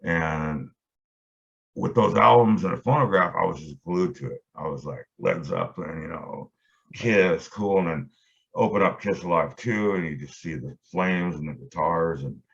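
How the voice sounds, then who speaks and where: Here a middle-aged guitarist being interviewed drifts through a long tale, packed with fillers and restarts. His voice sits low with vocal fry at a moderate pace, and the lo-fi recording is dull.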